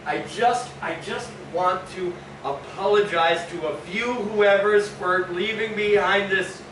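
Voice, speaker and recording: An actor playing Faust, a weary, volatile scholar who swings from hushed brooding to shouting outbursts in a live stage monologue. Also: male voice, high voice, takes it slowly. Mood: pleading, weary. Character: weary, volatile male scholar, driven and bitter. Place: small live performance venue. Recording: roomy, distant mic, ambient noise.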